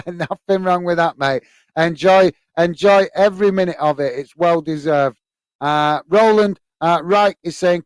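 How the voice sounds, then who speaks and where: Hosting a live football stream, a man from England reads the live chat's fan comments aloud, full of fillers and friendly "mate" responses. His voice is high and steady at a moderate pace, with a clean tone in a dry recording.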